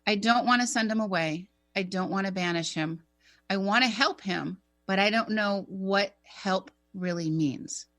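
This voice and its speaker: A woman's voice: mid-range voice, a little slow. A middle-aged woman co-hosting a radio talk show, telling a personal story in a chatty, rambling way. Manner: animated, chatty, rambling with fillers.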